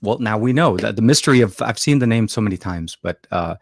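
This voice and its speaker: A man's voice: on the low side, lively intonation, brisk, no room sound, studio quality. A man co-hosting a casual tech chat, rambling with many fillers and restarts. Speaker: co-host.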